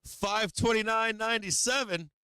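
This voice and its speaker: A man's voice: high-pitched, normal speed, sharp tone, clear, resonant tone, no echo. A man hosting a stock market livestream, giving brash, profane live trading commentary and laughing often.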